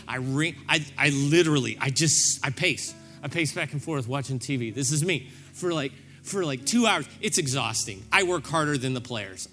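A man's voice: on the high side, pushed and bright. A middle-aged man preaching a sermon, telling a story with self-deprecating humor and acting out his own reactions. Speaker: pastor.

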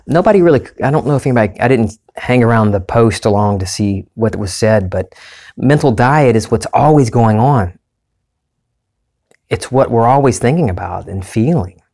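A man's voice: mid-range voice, a little mellow. A man giving a candid personal monologue as a self-help speaker, earnest and confessional, rambling with restarts.

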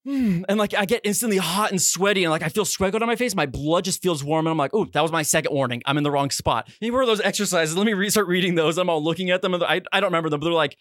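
A man co-hosting a podcast, telling a story in a casual way, acting out the quotes with sudden high yelps. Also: racing, hardly any pauses, fairly bright tone, dry recording, clean studio sound. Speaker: podcast co-host.

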